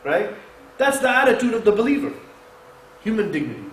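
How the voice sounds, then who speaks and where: A man giving an animated sermon at a mosque, asking rhetorical questions and quoting Arabic scripture. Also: sits high, fairly quick. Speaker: mosque speaker. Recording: echoey room with faint noise.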